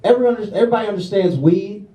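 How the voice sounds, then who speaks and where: A man from Louisiana doing a stand-up set, self-deprecating, tagging lines with quick "all right?" and "okay?" asides. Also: high voice, far from the mic. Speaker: stand-up comedian. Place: comedy club stage with a live audience. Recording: roomy venue audio with crowd laughter.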